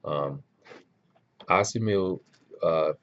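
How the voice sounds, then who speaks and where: A man giving casual spoken advice on learning languages, relaxed and rambling with many ums and restarts. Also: low voice, very slow, highs cut off.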